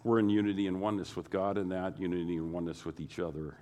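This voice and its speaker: A man's voice: low-pitched, fairly even intonation, quick pace, dark tone. A man preaching a sermon to his congregation, repeating phrases and building emphasis as he goes. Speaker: pastor.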